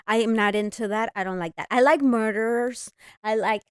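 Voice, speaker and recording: A woman co-hosting a couples podcast, her voice sitting fairly high with a light foreign accent. She talks expressively and teases freely. The sound is close and dry. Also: moderate pace, clear, resonant tone, no room sound. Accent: Eastern European-sounding Spanish. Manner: expressive, teasing. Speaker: podcast co-host. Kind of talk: casual chat.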